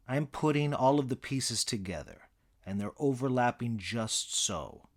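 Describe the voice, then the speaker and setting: A man narrating a comic first-person story in a dry, deadpan, boastful manner. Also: medium pitch, a little slow, slightly rough.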